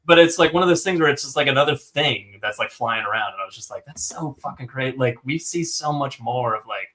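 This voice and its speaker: A man co-hosting a podcast, chatting excitedly about a fantasy book, swearing often and filling his talk with "like". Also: medium pitch, fast talker. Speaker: podcast co-host. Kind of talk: casual book discussion.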